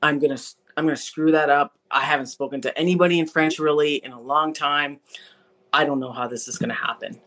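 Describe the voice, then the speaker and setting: A woman from Manitoba, a podcast guest telling her faith testimony, acting out conversations with lively animation. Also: low-pitched, fairly quick. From Manitoba, Canada. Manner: animated storyteller who acts out conversations. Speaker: interview guest.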